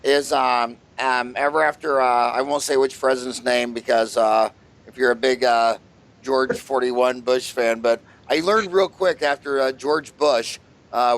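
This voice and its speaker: A man's voice: mid-range voice, fairly even intonation, normal speed, fairly bright tone. A man hosting an interview podcast, chatting casually and telling rambling jokey stories full of fillers. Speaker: podcast host.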